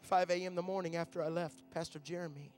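A man's voice: high voice, steady tone, fast talker, a little mellow, faint music behind. A man, a traveling minister, preaching a sermon from a stage in a large room, telling stories in a conversational way.

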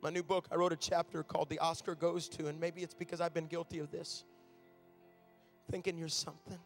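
High gravelly-voiced male preacher. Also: flat delivery, brisk, soft background music. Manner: conversational storytelling preaching. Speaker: traveling minister. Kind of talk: sermon. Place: stage in a large room.

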